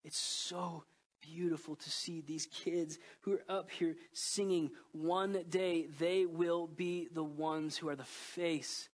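Pastor, male, thirties, high voice, earnest sermon delivery that drops to a hush at times. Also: steady tone, takes it slowly. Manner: earnest, emotional, swings between loud and hushed.

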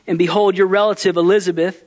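A male pastor delivers a sermon in a fairly high voice. He keeps it conversational and animated, and he acts out the quotes with lively emphasis. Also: fast.

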